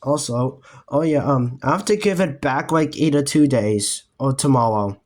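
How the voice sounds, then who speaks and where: A man reading a children's book aloud in a slow, careful way. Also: medium pitch, a little mellow. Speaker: reader.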